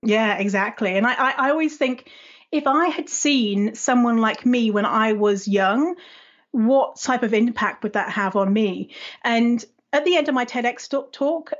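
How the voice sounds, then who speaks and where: A woman's voice: a little high, measured pace, muffled recording. A woman being interviewed, talking frankly and animatedly and swearing freely. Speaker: guest. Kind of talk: casual interview chat.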